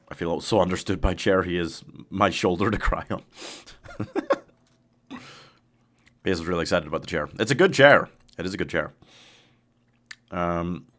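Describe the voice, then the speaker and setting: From a home streaming rig, a man plays a game live and talks loosely with his chat. He laughs often and yelps at dangerous moments, his voice low and fairly bright.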